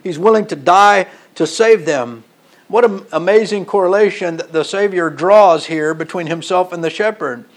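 High-voiced male preacher. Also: normal speed. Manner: storytelling, reads scripture aloud. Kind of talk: sermon.

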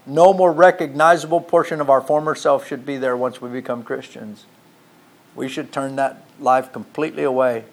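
A man preaching a sermon who reads scripture and swings from loud emphasis to hushed tones, using repeated rhetorical questions. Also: medium pitch, fairly even intonation, normal speed.

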